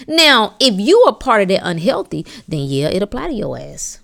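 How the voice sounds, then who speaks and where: A woman's voice: mid-range voice, sing-song, normal speed, vocal fry, hardly any pauses, fairly bright tone. A woman hosting a podcast, giving a blunt, preachy, profane motivational monologue that climbs to fervent emphasis. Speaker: podcast host.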